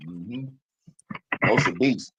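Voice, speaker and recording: A man's voice: lowish voice, slow, noisy background. A man in casual voice chat, slangy and profane, laughing easily.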